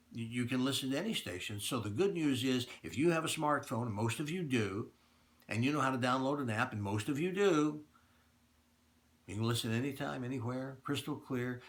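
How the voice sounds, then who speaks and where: A man's voice: mid-range voice, fairly bright tone. Emphatic middle-aged male radio host. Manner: emphatic, plainspoken, repeats key points. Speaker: radio talk show host. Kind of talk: direct-to-listener announcement monologue.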